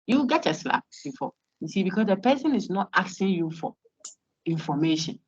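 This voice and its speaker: A woman's voice: on the low side, big pitch swings, moderate pace, breathy edge. A woman with a Ghanaian accent lecturing to a large online class. She repeats words and checks "okay?" as she explains. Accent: Ghanaian English. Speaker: university lecturer. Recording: dull lo-fi online call audio.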